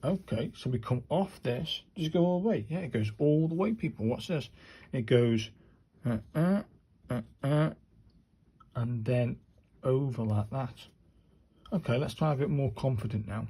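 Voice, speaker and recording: Man, husky mellow voice, slow casual running commentary while writing. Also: mid-range voice, animated. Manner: chatty, muttering to himself as he writes, addresses viewers as "people". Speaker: handwriting practice vlogger.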